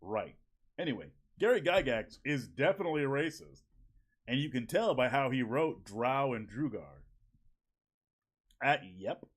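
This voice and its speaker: A man livestreaming from home in the evening banters with his audience, cracking jokes, cursing and laughing a lot as he reacts to viewers. He sounds very animated yet measured in pace, pausing often, with a breathy edge to his mid-range voice.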